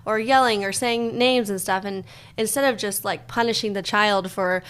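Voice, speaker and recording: A woman's voice: medium pitch, fairly even intonation, normal speed, a bit bright, clear, resonant tone. A woman hosting a podcast, talking in a casual, reflective way with frequent fillers and restarts. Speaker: podcast host. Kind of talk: casual conversation.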